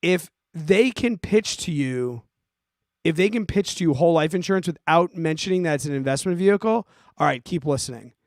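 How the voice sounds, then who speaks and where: A forty-year-old man hosting a podcast, ranting in an animated, exasperated way and giving casual advice to listeners. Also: a little high, brisk, no room sound, studio quality. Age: 40s. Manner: animated, exasperated, emphatic, swears. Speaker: podcast host answering listener questions.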